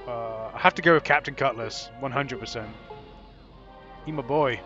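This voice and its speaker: A man's voice: medium pitch, normal speed. A man giving casual, joking commentary while he plays a video game for the first time, swearing often. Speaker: gameplay commentator. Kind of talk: casual let's-play commentary. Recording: slightly dull lo-fi with faint game music.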